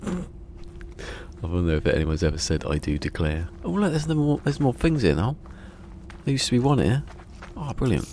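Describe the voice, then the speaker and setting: A man's voice: mid-range voice, very animated, moderate pace, long pauses, a little mellow, slight background noise. An English man streaming a game live, chatting casually in a rambling way, often restarting his sentences. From England.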